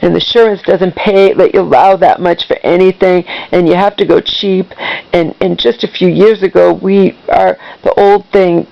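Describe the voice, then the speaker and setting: Gravelly woman venting angrily. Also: lowish voice, fairly even intonation, moderate pace, highs cut off. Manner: heated, swearing, repetitive. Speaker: vlogger. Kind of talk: angry venting monologue.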